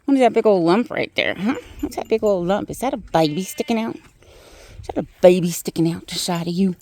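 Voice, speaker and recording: A woman's voice: lowish voice, lively intonation, a little fast, warm tone. A woman talking casually to her goats and chickens in a barnyard, cooing affectionate baby talk. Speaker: hobby farmer vlogger. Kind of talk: casual farm vlog talk. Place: outdoor barnyard.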